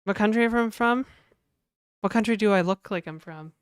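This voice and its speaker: Canadian woman streamer, lightly accented, smooth and dry, chatty and joking. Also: medium pitch, moderate pace, no room sound. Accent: mild Canadian. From Canada (New Brunswick). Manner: chatty, joking, answers chat aloud. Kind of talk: casual live-stream chat.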